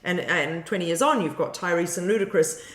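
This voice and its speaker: A woman co-hosting a podcast, chatting casually about films in an animated way and laughing through her points. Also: fairly low pitch, a little fast. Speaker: podcast co-host. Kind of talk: casual film discussion. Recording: roomy echo.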